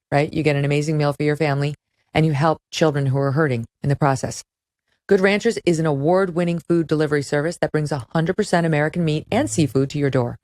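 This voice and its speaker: Low-voiced woman podcast host, dry studio sound. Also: darkish tone, no echo. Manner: brisk, emphatic and conversational. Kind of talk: podcast interview and host-read ad.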